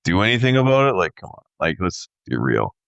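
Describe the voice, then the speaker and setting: A man in his thirties telling a story in casual podcast chat, animated and peppered with "dude" and "like". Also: deep voice, a little fast, vocal fry, no room sound, dull audio. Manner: animated storyteller, says "dude" and "like", acts out quoted voices. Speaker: podcast co-host.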